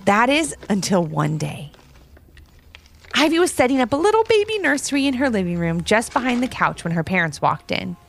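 Animated woman reading a children's story. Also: on the high side. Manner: animated, expressive read-aloud. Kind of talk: scripted children's story narration. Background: soft music.

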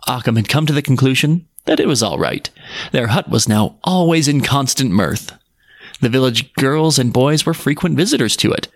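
A man narrating a storybook in a measured, even-toned reading. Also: medium pitch, no room sound, studio quality.

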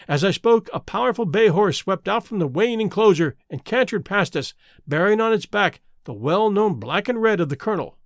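A man narrating a classic story aloud, expressive and lively, with a fairly high voice that moves a lot. The recording is close and dry, with no room sound. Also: normal speed, no room sound. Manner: expressive, voices each character. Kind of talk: storybook reading.

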